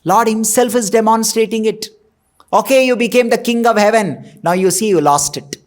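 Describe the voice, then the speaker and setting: A male temple preacher with a notably high-pitched voice. He preaches with emphasis, firing off rhetorical questions and answering them himself. His points come in short, rhythmic, repeated phrases. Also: normal speed. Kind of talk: devotional sermon.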